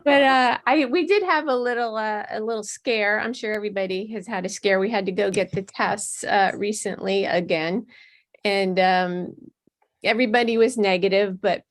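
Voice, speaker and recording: A woman's voice: medium pitch, normal speed. A middle-aged woman performing a stand-up comedy set over a video call from home, self-mocking and laughing between jokes. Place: her home.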